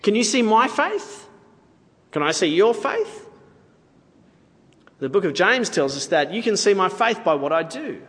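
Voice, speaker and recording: Lively conversational preacher in a hall. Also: male voice, high voice, measured pace, pauses often. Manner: conversational, playful asides to the audience. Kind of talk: sermon.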